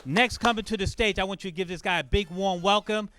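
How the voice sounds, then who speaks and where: A man's voice: high voice, fast talker, background noise. A male comedy show host bringing acts to the stage with upbeat emcee hype. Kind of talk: hosting and introducing acts. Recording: voice under loud music.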